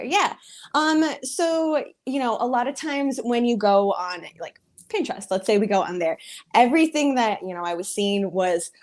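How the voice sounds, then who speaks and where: Mujer joven relajada, voz algo aguda. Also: female voice, a little high. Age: young adult. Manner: easygoing, many fillers like "like". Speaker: guest crochet designer. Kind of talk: casual interview chat.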